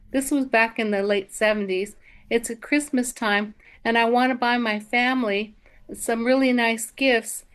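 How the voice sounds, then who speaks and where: Older woman, spiritual teacher, higher-pitched, chatty reassuring storyteller. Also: fairly bright tone. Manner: chatty, reassuring, restarts words often. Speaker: reverend giving spiritual readings.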